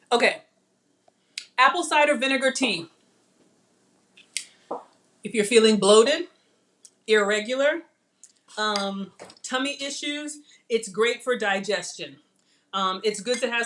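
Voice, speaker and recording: A woman's voice: fairly high pitch, fairly bright tone. A woman hosting a casual live cooking stream from her home kitchen, chatting animatedly with viewers. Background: cutlery and dish clatter.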